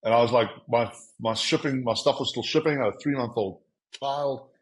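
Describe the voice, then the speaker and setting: A South African man, founder of an agency, recounts his career in a relaxed interview, acting out what others said. His mid-range voice moves briskly, and the recording is rough. He's animated, quoting himself and other people in dialogue.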